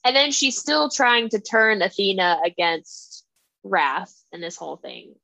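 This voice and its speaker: A woman's voice: medium pitch, very animated, a little slow, gravelly, pushed and bright, no echo. A woman co-hosting a casual book club podcast, animatedly recapping the plot and acting out the characters' lines. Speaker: podcast co-host.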